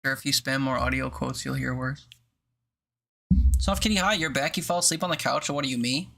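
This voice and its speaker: A man's voice: medium pitch, fairly quick, creaky, sharp tone. A man streaming games and chatting casually with his viewers, rambling and joking and making little mouth sound effects. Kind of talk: casual live-stream chat.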